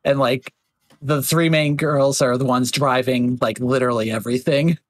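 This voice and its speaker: A man's voice: medium pitch, steady tone, normal speed, no echo. A man hosting a casual podcast chat, talking loosely with lots of fillers and slipping into mocking voices. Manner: chatty, filler-heavy, slips into mocking voices. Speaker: podcast host.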